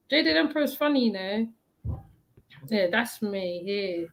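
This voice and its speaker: A woman hosting a casual chat, animated, repeating herself and laughing often. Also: mid-range voice, a little slow, gravelly, pauses often. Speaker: host.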